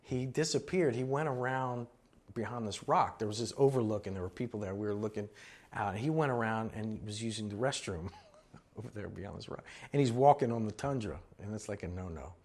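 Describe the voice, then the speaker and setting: A man's voice: on the low side, fairly quick, a little mellow. A man preaching a sermon as pastor, conversational and earnest, building to emphatic exhortations.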